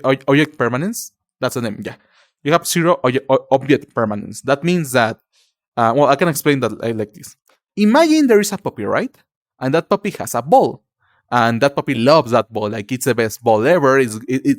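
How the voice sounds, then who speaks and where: A young man with a Spanish accent chats casually with viewers on a livestream, fumbling his words and calling people cutie and darling. His voice is medium in pitch, and the studio-quality recording has no room sound.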